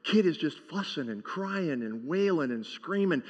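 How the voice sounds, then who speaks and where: A man with a fairly high voice preaches a sermon in a loose, joking style and keeps checking in with the congregation. The sound is dull and muffled. A long reverb rings around his words, as in a large church. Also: expressive, normal speed. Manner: conversational and joking, asks the congregation for responses. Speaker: pastor.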